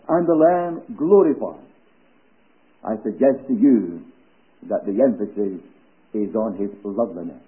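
A man preaching a sermon at a church service, measured, letting key phrases fall to hushed low endings. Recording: tinny phone-like recording.

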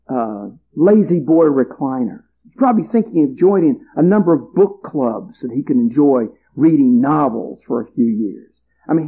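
A man delivers a sermon in a relaxed, folksy way, stretching out key words with dramatic pauses. His voice sits a bit high for a man. The recording sounds muffled and lo-fi. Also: slightly rough. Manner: conversational, folksy humor. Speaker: preacher.

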